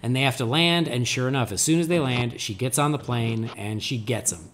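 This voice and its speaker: A man's voice: medium pitch, brisk, slight background noise. Man recapping an episode, casual. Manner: rambling, animated plot recap. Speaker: podcast co-host. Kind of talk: casual chat.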